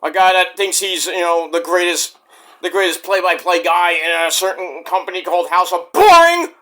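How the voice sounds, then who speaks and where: Male vlogger with a rambling, animated delivery, high and very lively. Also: moderate pace. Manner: animated, rambling, jumps into sudden shouts. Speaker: wrestling vlogger. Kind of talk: casual ranting review.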